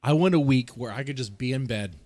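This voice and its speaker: A man with a stuffed-up nose rambles and jokes through a casual rant, winded and coughing now and then. His voice sits at an ordinary middle pitch. The sound is dry and close, with no room echo. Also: brisk, a little mellow. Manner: rambling, joking, with coughs and sighs. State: short of breath. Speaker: vlogger host. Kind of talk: casual ranting storytime. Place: home garage studio.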